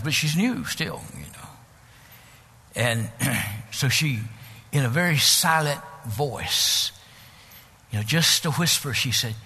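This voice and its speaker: A man preaching a sermon as pastor, building to shouts and dropping to hushed, drawn-out lines. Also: mid-range voice, slightly rough, long reverb tail.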